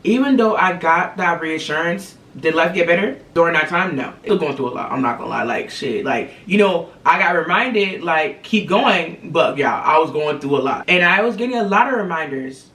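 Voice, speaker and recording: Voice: mid-range voice, animated, normal speed, hardly any pauses, bright, forceful tone. A content creator telling a personal motivational story to viewers in a chatty, filler-heavy way, often calling them guys and y'all. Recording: roomy, slightly distant, faint ambient noise.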